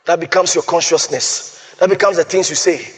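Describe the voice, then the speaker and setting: A man's voice: fairly high pitch, moderate pace. A man preaching a sermon, quoting scripture and repeating key phrases for emphasis.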